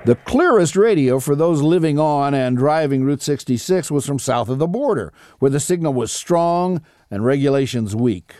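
A man narrating a documentary in a measured, scripted delivery. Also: a little high, animated, a little mellow.

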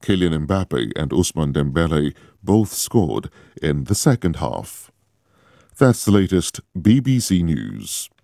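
A man reading a radio news bulletin in a measured, formal way. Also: extremely low pitch, sing-song, vocal fry, mellow, no echo, clean studio sound. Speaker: newsreader.

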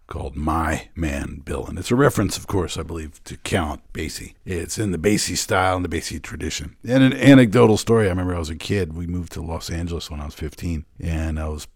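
A middle-aged man hosting a jazz radio show, chatting in a relaxed, conversational way between records with frequent pauses. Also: low voice, gravelly, slightly rough, no echo, studio quality.

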